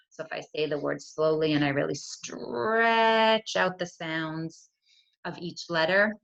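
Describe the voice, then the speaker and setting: A woman's voice: low-pitched, a bit bright. A middle-aged woman, a school curriculum coordinator, talks parents through spelling strategies in a conversational way, often checking in with "right?". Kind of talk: friendly teaching walkthrough for parents. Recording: dull lo-fi computer audio.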